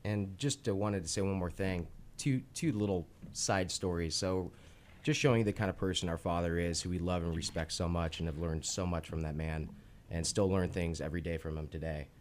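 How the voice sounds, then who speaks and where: Low-voiced guy in his thirties, animated storyteller, podcast chat. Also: a little fast, a little hiss or hum. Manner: animated storyteller, acts out quotes. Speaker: co-host and business founder. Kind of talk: casual storytelling interview.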